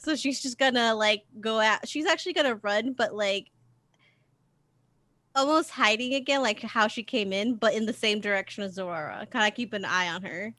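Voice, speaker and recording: A woman's voice: a little high, normal speed, sharp tone, no room sound. A woman playing a tabletop game, describing her character's moves in a casual, chatty way. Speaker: player.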